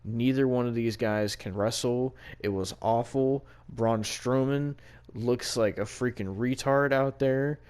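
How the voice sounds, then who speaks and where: A man's voice: medium pitch, fairly even intonation, unhurried, darkish tone, a little hiss or hum. A man co-hosting a casual wrestling review, ranting in exasperation and swearing freely. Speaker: podcast co-host.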